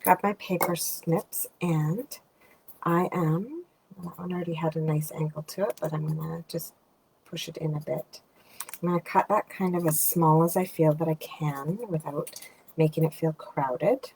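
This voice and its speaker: A woman demonstrating card making, chatting casually and thinking aloud as she works, sometimes dropping to a soft murmur. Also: low voice, fairly even intonation, a little slow, gravelly, breathy edge, low-quality recording. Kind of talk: casual craft tutorial narration.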